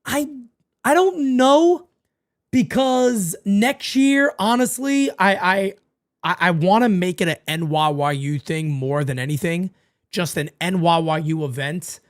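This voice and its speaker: A man's voice: high voice, animated, a little slow. A man hosting a live fan watch party, calling the plays and chatting with viewers in a playfully melodramatic way that repeats phrases. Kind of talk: live fan play-by-play and chat.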